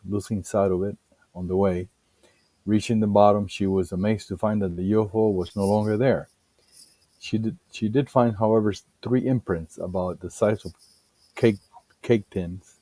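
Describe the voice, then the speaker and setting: Male guest researcher, somewhat low and mellow, halting podcast delivery full of fillers while reading encounter cases. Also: no room sound. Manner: halting, with frequent fillers and restarts. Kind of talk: podcast interview, reading case reports.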